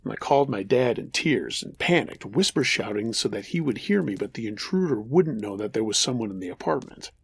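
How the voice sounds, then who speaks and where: A man narrating a true horror story as the host of a storytelling show, measured with dry humor. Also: on the low side, lively intonation, vocal fry, slightly rough.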